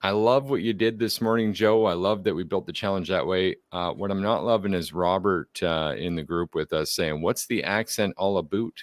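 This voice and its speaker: A man's voice: low-pitched, steady tone, moderate pace, hardly any pauses, no room sound, studio quality. A man co-hosting a podcast in casual chat, upbeat and joking, a little self-deprecating. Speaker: podcast co-host.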